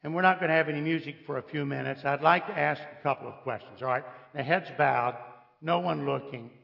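A raised, gravelly man preaches to a congregation, swinging between jokes and pointed questions as he tells his stories. The recording is dull and lo-fi. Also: fairly high pitch, fairly quick. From United States. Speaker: visiting preacher. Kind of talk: sermon.

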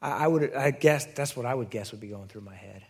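A man's voice: mid-range voice, a little fast, darkish tone, slightly rough. A male pastor giving a conversational sermon who restarts his sentences often.

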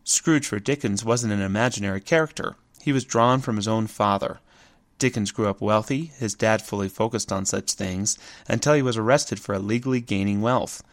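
A man's voice: fairly low pitch, no room sound. A man giving a reflective spoken essay, thoughtful and contemplative, who often poses rhetorical questions.

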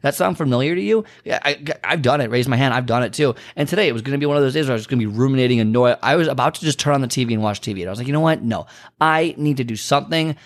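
A man hosts a casual solo podcast, rambling and venting before shifting into a motivational tone. His mid-range voice comes out rapid-fire, with hardly any pauses.

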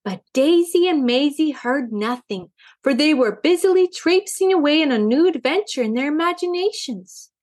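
Expressive woman reading a children's story. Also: high-pitched, moderate pace. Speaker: author reading her book. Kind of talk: storybook read-aloud.

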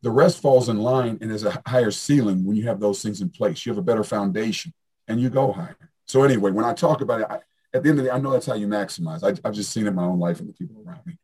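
Middle-aged coach, husky and quick, animated storyteller in a casual interview. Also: male voice, lowish voice. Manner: animated storyteller, acts out quoted dialogue. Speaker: strength and conditioning coach. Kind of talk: fast casual interview talk.

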